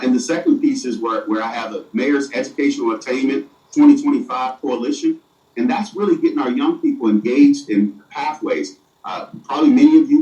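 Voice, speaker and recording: Middle-aged mayor, dark echoey sound. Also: male voice, medium pitch. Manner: earnest, stumbles and repeats words. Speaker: city mayor. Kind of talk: answering interview questions. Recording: echoey room, far from the mic.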